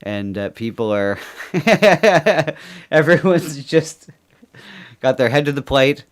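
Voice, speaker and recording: A man's voice: on the high side, expressive, takes it slowly. A man from Canada co-hosting a podcast, rambling and joking through casual commentary and laughing often. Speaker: podcast co-host.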